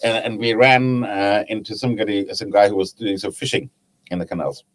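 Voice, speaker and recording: A man's voice: fairly low pitch, steady tone, brisk. A middle-aged man with a German accent, a guest chatting casually on a podcast about his woodturning club. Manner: chatty, hesitant restarts, laughs at own stories. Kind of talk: casual podcast chat, storytelling.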